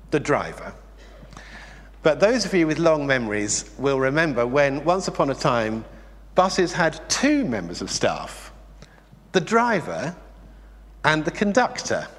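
A man preaching a sermon in a conversational, animated way, asking the congregation rhetorical questions. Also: mid-range voice. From England. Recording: long reverb in a hall.

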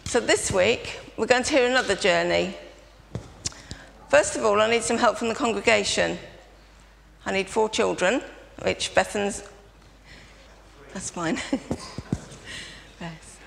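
Woman leading a family-service children's talk in a reverberant church, slight fry, coaxing congregation participation. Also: medium pitch, unhurried, pauses often. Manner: lively, prompting audience participation. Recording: reverberant church, faint background noise.

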